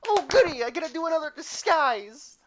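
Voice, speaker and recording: A man's voice: very high-pitched, big pitch swings, a little slow, voice pushed up, full character voice. A man voicing a clumsy, eager female disguise maker in a tabletop game, with a bubbly, squealing manner. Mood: giddy.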